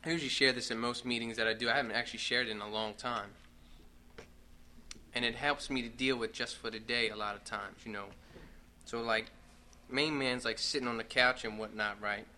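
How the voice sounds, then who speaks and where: A man's voice: medium pitch, fairly even intonation, brisk, pushed and bright, slight background noise. A man giving a casual, personal share at a recovery meeting, swearing now and then and padding his talk with "like" and "you know.". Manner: casual, profane, full of fillers. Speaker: speaker sharing at a recovery meeting.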